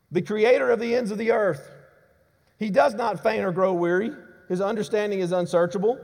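A man preaching a sermon to his congregation. He delivers emphatic declarations, drops to hushed low lines, and often asks the congregation questions. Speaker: pastor. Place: church sanctuary. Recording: reverberant church hall.

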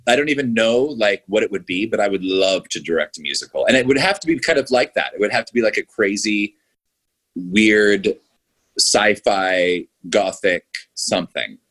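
A man's voice: lowish voice, lively intonation, moderate pace, a bit bright. A male filmmaker chatting enthusiastically in an interview, rambling with frequent restarts. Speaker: filmmaker guest. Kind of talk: casual podcast interview.

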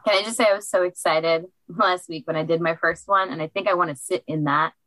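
A woman guest chatting excitedly from a small library recording studio into a cheap microphone. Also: fairly low pitch, a little fast, no room sound, rough recording. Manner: bubbly, excitable. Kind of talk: casual chat. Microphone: cheap desk microphone.

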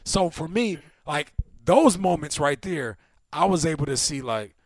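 A man in his thirties, a former football player, co-hosting a casual chat and telling stories with lively, acted-out quotes. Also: a little slow, no echo, clean studio sound. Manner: animated storyteller, acts out quotes with big pitch swings. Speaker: podcast co-host, former NFL receiver.

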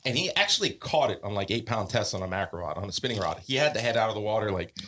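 Animated storytelling man, bright voice. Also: lowish voice, racing, slight background noise. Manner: animated, acts out quotes, laughs often. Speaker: podcast guest, offshore fisherman. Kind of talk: casual storytelling.

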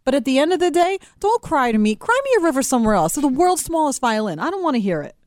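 A woman's voice: high-pitched, sing-song, fast talker, a little mellow, dry recording, clean studio sound. A woman co-hosting a radio talk show, giving blunt, sassy opinions in casual banter. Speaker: radio co-host.

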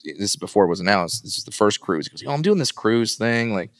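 A man who works as a stand-up comedian, telling stories in a casual interview and animatedly acting out other people in a high voice. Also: fast talker, no room sound, studio quality. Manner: animated, acts out quoted voices in a high pitch.

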